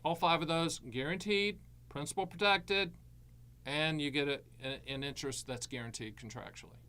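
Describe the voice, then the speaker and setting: A man hosting a live stream on annuities, giving blunt, sarcastic and animated advice full of jokes. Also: on the high side, moderate pace, clean tone.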